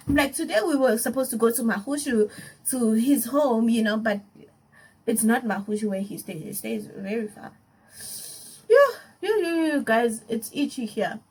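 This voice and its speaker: A young woman with a South African accent recounts a personal story to her viewers. Her voice sits high, and she tells it in an animated, emotional way, breaking into laughter often. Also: poor audio. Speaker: YouTuber. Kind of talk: casual storytime vlog.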